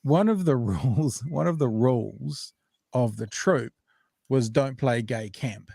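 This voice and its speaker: A man's voice: mid-range voice, unhurried, vocal fry, mellow, slightly rough, no echo, studio quality. A man co-hosting a casual podcast chat, rambling and joking, often breaking off mid-sentence. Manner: rambling, self-interrupting, loose and joking. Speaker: podcast co-host.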